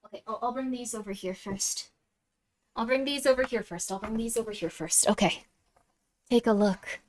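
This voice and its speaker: Gushing woman streamer, half-whispered excitement. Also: on the high side, normal speed. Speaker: VTuber streamer. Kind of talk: casual unboxing chat on a live stream.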